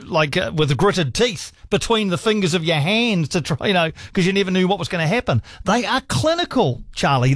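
A man's voice: a little high, a bit bright, no room sound, clean studio sound. A man hosting a sports radio call-in show, enthusiastic, laughing often and reeling off stats. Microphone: studio microphone.

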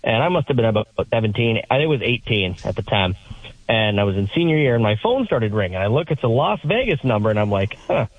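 Young male caller, animated storyteller, lively swooping pitch, husky voice, tinny phone line. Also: fast, no room sound. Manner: animated, laughing, acts out voices.

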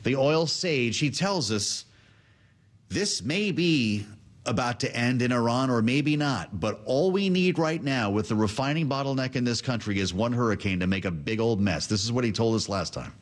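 Male anchor, mid-range voice, brisk and chatty with guests. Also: medium pitch, animated. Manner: brisk, conversational, reads quotes aloud. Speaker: news anchor. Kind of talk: broadcast news presenting.

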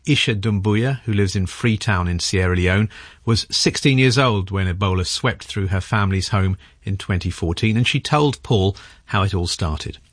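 Husky low male news presenter. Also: no echo, clean studio sound. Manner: brisk, smooth reading.

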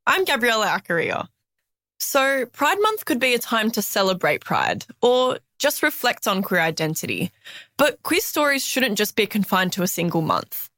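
A woman radio presenter, reading a scripted introduction in an earnest, measured way. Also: medium pitch, fairly bright tone, no room sound, studio quality. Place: radio studio.

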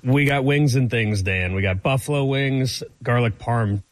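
A man who is a regular on a sports radio show, talking in a dry, measured way. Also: medium pitch, no room sound. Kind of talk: casual sports talk.

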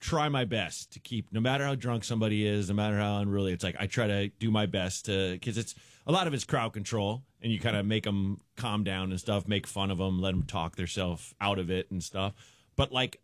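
A man's voice: lowish voice, dry recording, clean studio sound. A man, a stand-up comedian, guesting on a radio show and telling a rambling story, acting out the people in it. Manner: rambling, animated storyteller who acts out characters.

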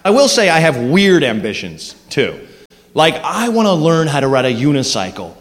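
A man performing a stand-up comedy set on a club stage, animated and crude, acting out voices. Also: on the high side, moderate pace. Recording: reverberant noisy club recording.

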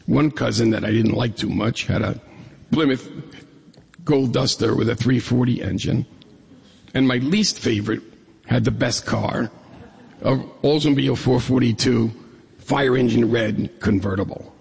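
Middle-aged male storyteller, very gravelly and husky, funny and lively, heard in an echoey hall. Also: medium pitch. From New York State. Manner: humorous, lively storyteller who acts out dialogue. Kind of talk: personal storytelling talk.

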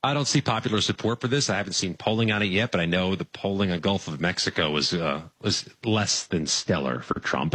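A man giving weekly political analysis on a radio show, measured and matter-of-fact with dry humor. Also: low-pitched, a bit bright, husky, no room sound, rough recording.

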